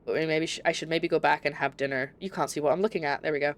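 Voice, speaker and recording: Streaming a game, this young woman from Scotland reads her chat and rambles through casual commentary in a light Scottish accent. She has a deep voice and races along.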